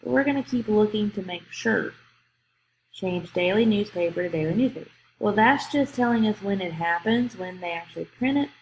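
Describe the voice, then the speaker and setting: A woman's voice: medium pitch, lively intonation, normal speed, a little mellow, slight background noise. A woman, teaching a grammar lesson to young students. She explains patiently step by step and checks in with "okay?". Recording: echoey room.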